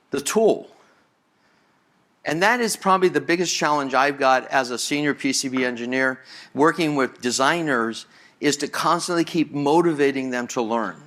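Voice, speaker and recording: A male engineer presenting at a conference with a bright, forceful, slightly high voice. He talks to the audience in an enthusiastic, conversational way, often restarting and repeating his words. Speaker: senior PCB engineer giving a conference talk.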